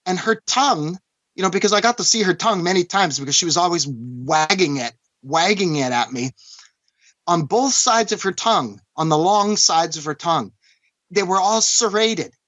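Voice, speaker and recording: A man from Canada, recounting a personal story as an interview guest in an earnest, halting way, often restarting and saying "you know". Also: high-pitched, animated, a bit bright, dry recording. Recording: dull, dry lo-fi recording.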